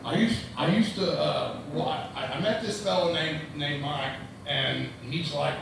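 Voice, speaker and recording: A man's voice: fairly high pitch, measured pace, gravelly, far from the mic. A man from Indianapolis telling a profane, rambling stand-up story, stammering through restarts. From Indianapolis, USA. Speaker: stand-up comedian. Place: comedy club stage. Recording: echoey room mic heard from afar with noise.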